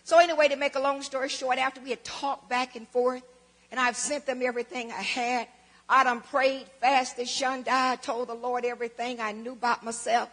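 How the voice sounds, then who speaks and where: A woman's voice: high voice, little pitch movement, normal speed, a bit bright. A woman, giving a church testimony and dramatically acting out both sides of conversations. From Southern United States. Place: church sanctuary. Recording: long church hall reverb.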